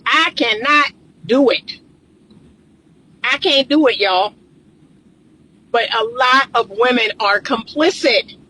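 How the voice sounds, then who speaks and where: Woman, relationship coach, high bright voice, emphatic, repetitive, lecturing. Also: slow, long pauses, a little hiss or hum, low-quality recording. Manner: emphatic, repeats herself, lecturing. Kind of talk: reaction commentary.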